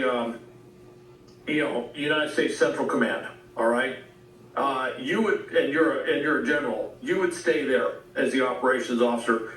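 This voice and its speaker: A man explaining military command structure in a measured broadcast interview, full of military jargon. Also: medium pitch. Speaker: military commentator. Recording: clip replayed, roomy and distant.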